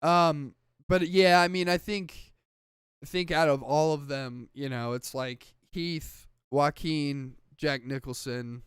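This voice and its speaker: A man's voice: a little high, steady tone, slow pace, smooth, no room sound, studio quality. A man co-hosting a podcast, telling stories in rambling casual chat full of filler words and swearing. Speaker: podcast co-host.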